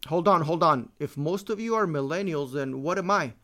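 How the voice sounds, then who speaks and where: A man's voice: on the high side, normal speed, a bit bright. A man in his forties hosting a casual solo podcast, joking and swearing freely, dropping in Spanish words. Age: 40s. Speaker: podcast host.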